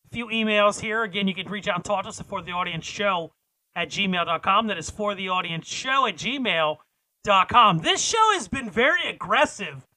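A man's voice: high-pitched, lively intonation, normal speed, pushed and bright, no room sound, poor audio. A man co-hosting a casual podcast, reading news aloud with teasing, dramatic build-ups. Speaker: podcast co-host.

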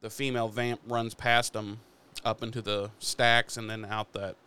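A man casually retelling a TV episode for a podcast, swearing often and slipping into quick quoted lines. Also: fairly low pitch, little pitch movement, bright, forceful tone, clear, resonant tone. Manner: swears freely while retelling episode scenes. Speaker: podcast host. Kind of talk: casual recap chat.

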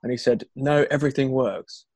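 Guy on a podcast spinning a long story, acts out both sides, mid pitch, dead dry close mic. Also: fairly even intonation, moderate pace, a little mellow, no room sound. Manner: rambling, laughs through the story, acts out dialogue. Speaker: podcast co-host. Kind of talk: casual anecdote telling.

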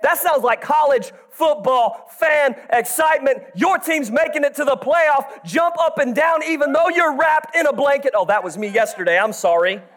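A man in his thirties preaching a sermon with energy, breaking into shouts and joking asides to the congregation. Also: very high voice, lively intonation, normal speed, few pauses.

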